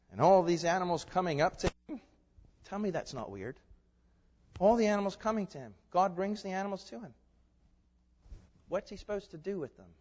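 A man preaching a sermon in a church, lively and emphatic, moving between loud declarations and quiet asides. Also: fairly high pitch. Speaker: pastor. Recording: dull sound with long hall reverb.

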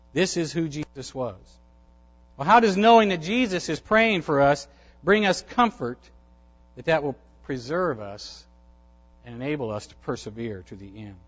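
A male pastor delivers a sermon in a high voice, stressing his points by repeating key phrases. The recording is dull and lo-fi, with the top end rolled off.

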